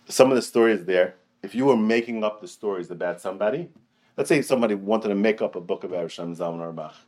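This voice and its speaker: A middle-aged man giving a storytelling Torah class in an animated way, often repeating his phrases and chuckling. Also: lowish voice. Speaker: Torah teacher.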